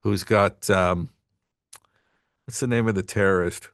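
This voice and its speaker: A man's voice: low voice, fairly even intonation, measured pace, dry recording, studio quality. A man hosting a podcast, rambling in casual chat with many asides. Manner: rambling, full of fillers and asides. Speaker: podcast host.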